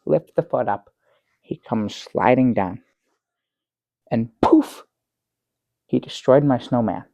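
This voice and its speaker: A man doing a rambling, halting storyteller with a gravelly voice. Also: medium pitch, animated, dark tone, no room sound, lo-fi sound, exaggerated voice. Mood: dry, halting. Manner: rambling, halting, with many restarts and fillers. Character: bumbling middle-aged man telling a tall tale. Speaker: guest on a comedy talk show. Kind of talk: improvised sketch comedy.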